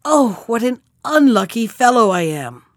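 A woman's voice: mid-range voice, very animated, unhurried, no room sound, clean studio sound. A woman voicing an unlucky, hot-tempered male carter who wails in self-pity. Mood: lamenting. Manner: wailing, self-pitying laments.

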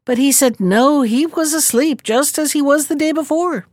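A woman narrating a folk tale in a measured, even storytelling manner. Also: high-pitched, dry recording, clean studio sound.

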